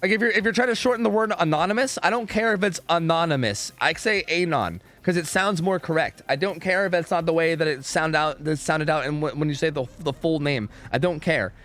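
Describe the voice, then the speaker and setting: Speaking fairly high and a little fast with few pauses, a young man chats with viewers while streaming a game from home. He swears constantly and rants in an animated, casual way, addressing his chat directly.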